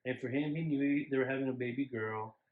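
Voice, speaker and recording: A man, a vlogger and new father, telling his side of a story in a casual, halting way. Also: medium pitch. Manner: halting, restarts often. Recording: dull lo-fi sound.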